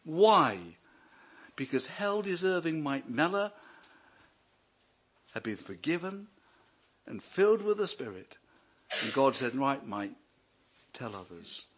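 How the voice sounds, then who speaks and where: A man's voice: a little high, takes it slowly, long pauses, slight background noise. A middle-aged man preaching a sermon, joking and restarting his sentences often. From Wales. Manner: animated, joking, with many restarts.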